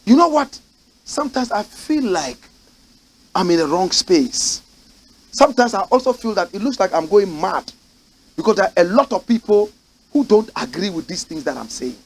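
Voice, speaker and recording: A man with a Ghanaian English accent, a host delivering impassioned political commentary in a studio, swinging between shouting and low muttering. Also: big pitch swings, moderate pace, breathy edge, rough recording. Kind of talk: impassioned talk-show commentary.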